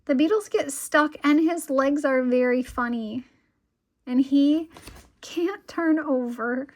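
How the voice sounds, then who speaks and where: A woman voicing a small, funny little girl who pleads and insists, repeating words with rising pitch. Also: animated, moderate pace, lightly acted. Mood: excited.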